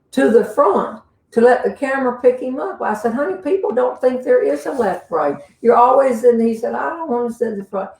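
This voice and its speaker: A woman's voice: mid-range voice, mellow. Older Southern woman, folksy storyteller. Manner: folksy, chuckling, drawn-out Southern delivery. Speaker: humorist host. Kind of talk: casual storytelling and Q&A. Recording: roomy sound from a distance.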